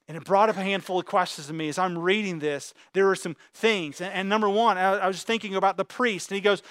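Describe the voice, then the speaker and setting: High-voiced preaching man, dry close sound. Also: fairly quick, dry recording. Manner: animated preaching, voicing God's words with rising intensity. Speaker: pastor. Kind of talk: sermon.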